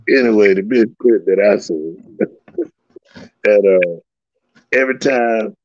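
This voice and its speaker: Speaking slowly in a lowish, slightly mellow voice, a guest shares old stories with plenty of swearing and laughter, acting out what people said. The recording is dry, with a slightly dull lo-fi sound.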